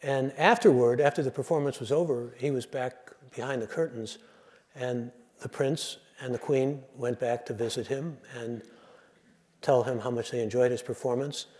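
Mellow-voiced man telling jokes in a lecture. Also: mid-range voice, normal speed. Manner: conversational, digressive, relaxed joke-telling. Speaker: public radio host giving a lecture.

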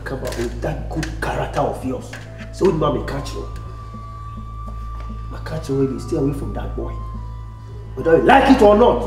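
A man's voice: fairly high pitch, reverberant, long reverb tail, close to an everyday voice, low-quality recording. An actor playing a strict, boastful middle-aged father who lectures his daughter with proverbs and scripture, in a Ghanaian English accent.

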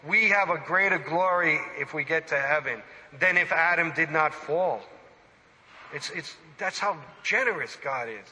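Priest, male, sermon; bright and forceful, emphatic, quizzes the congregation; church reverb. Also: a little high. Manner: animated, emphatic preaching with direct questions to listeners.

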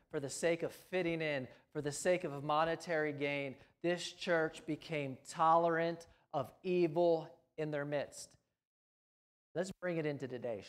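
A male pastor preaches with dramatic swings, punching phrases loudly and then dropping to a near hush. His voice sits a touch high for a man. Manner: dramatic, swings from loud emphasis to hushed. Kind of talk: sermon. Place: church sanctuary.

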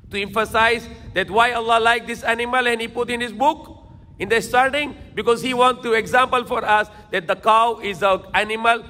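A man's voice: extremely high pitch, pushed and bright, long reverb tail. A man preaching a sermon lecture in emphatic, repetitive phrases, now and then switching into Tagalog. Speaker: Islamic preacher.

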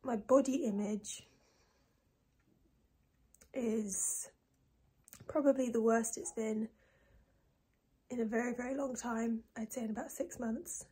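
A woman in her twenties talking casually in a video diary, soft and breathy, often near a whisper, low and tearful. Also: steady tone. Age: 20s. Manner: soft, breathy and often close to a whisper, with many pauses and fillers. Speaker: vlogger.

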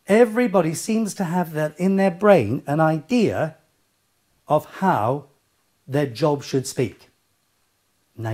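A middle-aged man, a TV presenter and presenting coach, giving emphatic advice straight to camera. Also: a little high. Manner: animated, emphatic, exasperated rants. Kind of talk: direct-to-camera advice talk.

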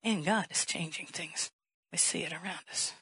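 A woman's voice: lowish voice, moderate pace, sharp tone, slightly rough, no room sound, rough recording. A woman pastor preaching a sermon in an emphatic way, firing rhetorical questions and rising to a raised voice.

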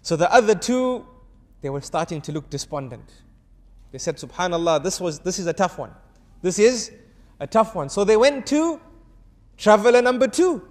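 A man preaching to an audience, telling a story and acting out its dialogue with animated shifts of voice. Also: high-pitched, moderate pace, pauses often, in a large hall. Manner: urges the audience to answer. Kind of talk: storytelling sermon.

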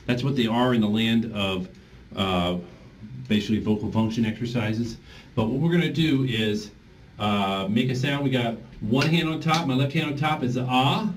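A man's voice: mid-range voice, normal speed. A man leading a group voice therapy class, coaching step by step and singing vowel exercises to demonstrate. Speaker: voice therapy instructor. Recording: distant mic with faint background noise.

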